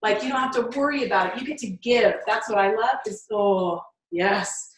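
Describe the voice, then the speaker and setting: A woman's voice: medium pitch, normal speed, roomy sound, poor audio. A woman giving a team mindset training talk, enthusiastic and chatty, laughing often.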